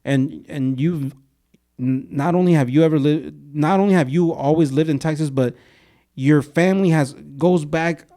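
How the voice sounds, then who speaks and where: A man's voice: a little high, moderate pace, warm tone. A young man co-hosting a podcast in casual, slangy talk, saying "bro" a lot and slipping into Spanish words. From Mexico. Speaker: podcast co-host.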